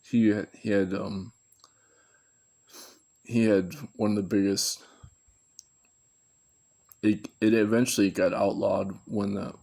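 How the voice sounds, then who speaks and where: Male commentator, monotone and unhurried, thinking aloud off the cuff. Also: lowish voice. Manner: meandering, self-correcting, thinking aloud. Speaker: video commentator. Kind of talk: rambling unscripted monologue.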